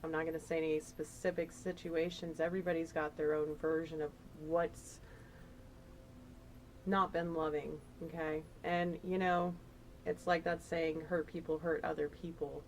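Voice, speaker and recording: A woman with a low voice gives a casual tarot reading, chatty and rambling. She gets emotional as she talks. Faint noise sits behind her. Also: flat delivery, normal speed, poor audio. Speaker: tarot reader.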